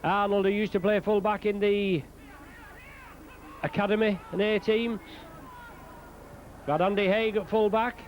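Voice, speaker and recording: Guy commentating rugby league live, high pitched voice, quick name-calling, bit of faint street noise behind. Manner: brisk play-by-play calling names, lifting at scoring moments. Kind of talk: live play-by-play sports commentary.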